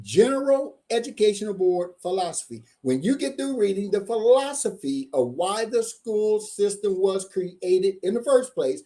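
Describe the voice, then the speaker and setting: A man's voice: high-pitched, lively intonation, normal speed, hardly any pauses, dark tone. A middle-aged man giving a live-streamed seminar as a tax coach, hyped up and asking "okay?" again and again. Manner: hyped-up, repeats "okay?" often.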